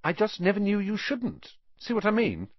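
Earnest young boy, read by a man, husky, raised pitch, lively, plain-spoken, curious, dull dry audio. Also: normal speed, no echo, heavily acted. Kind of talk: audiobook character reading.

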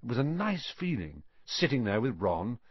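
A man narrating a storybook audiobook with an expressive, animated reading. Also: mid-range voice, normal speed, husky, no room sound, muffled recording.

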